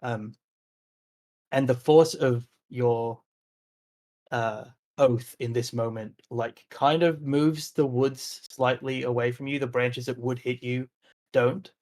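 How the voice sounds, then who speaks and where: Male game master narrating, steady pitch. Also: slow. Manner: descriptive, hesitant, with frequent fillers.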